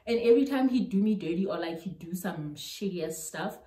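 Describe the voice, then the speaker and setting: A young South African woman with a South African accent tells a storytime vlog in animated style, mixing local-language words into her English. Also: on the low side, brisk. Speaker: YouTuber. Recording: roomy echo.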